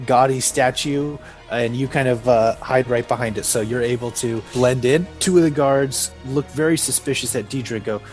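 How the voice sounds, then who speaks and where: A man narrating as game master, casual and halting, often laughing. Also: medium pitch, a little mellow, faint music behind.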